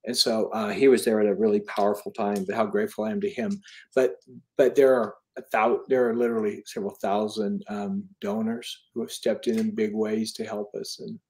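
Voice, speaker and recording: A man in his fifties, both an author and a charity founder, recounts stories in a casual interview in a fairly low, warm voice. He speaks fairly quickly with a flat delivery, earnest but rambling, with restarts and fillers.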